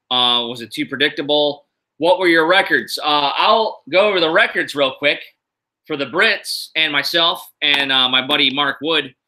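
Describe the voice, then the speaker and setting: A man's voice: mid-range voice, pushed and bright, rough recording. A middle-aged man from the US East Coast, hosting a wrestling show on a live stream at home, rambling with fillers and sounding tired. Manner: rambling, many fillers, tired but upbeat. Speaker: wrestling podcast host. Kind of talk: casual live-stream chat. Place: home room.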